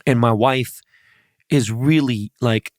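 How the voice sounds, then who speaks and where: A man's voice: mid-range voice, slow, no echo, studio quality. A man hosting a podcast, telling stories bluntly and with a lot of swearing, often speaking straight to his audience. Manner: profane, blunt storytelling. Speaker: podcast host. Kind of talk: casual podcast conversation.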